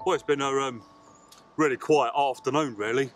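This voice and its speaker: A man's voice: mid-range voice, fairly even intonation, normal speed, faint music behind. A man chatting casually to camera as he fishes by a lake, explaining his tackle as he goes. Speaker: angler vlogger. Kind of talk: casual outdoor fishing vlog. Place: outdoors by a lake.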